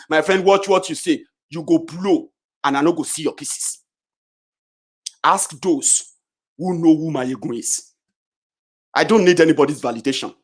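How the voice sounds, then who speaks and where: A middle-aged Nigerian man with a Nigerian accent delivering a heated, confrontational political rant, swinging between shouts and low mutters. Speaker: political commentator.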